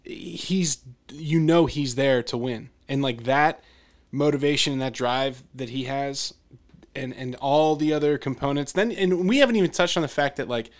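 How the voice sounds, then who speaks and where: A man's voice: medium pitch, moderate pace. A man hosting a podcast, talking sports in casual rambling chat with many restarts. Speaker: podcast host.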